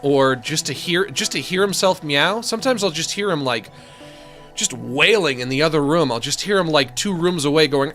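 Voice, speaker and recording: A somewhat high-voiced man in his thirties streaming from home, chatting to his audience in a dry, sardonic way. His rants swing into exasperated outbursts, with faint game music playing behind him. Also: expressive, normal speed, a bit bright. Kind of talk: casual live-stream chat while gaming.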